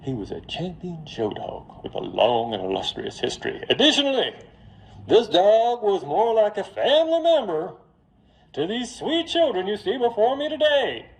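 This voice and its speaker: A man voicing a theatrical female trial lawyer with a Mississippi accent, pleading to a jury in a grand, drawn-out way. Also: on the high side, pitched above the performer's own voice, poor audio.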